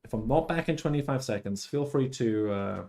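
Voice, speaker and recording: A man hosting a casual game livestream, talking theatrically and swinging from loud outbursts to mock-tender murmurs. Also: mid-range voice, animated, normal speed, creaky. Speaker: livestream host. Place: at home.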